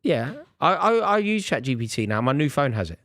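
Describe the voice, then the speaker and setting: A man's voice: medium pitch, big pitch swings, fairly quick, a bit bright, no room sound, clean studio sound. A man hosting a live football stream, chatting and teasing his co-hosts. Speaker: podcast host. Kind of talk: casual chat on a live stream. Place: studio.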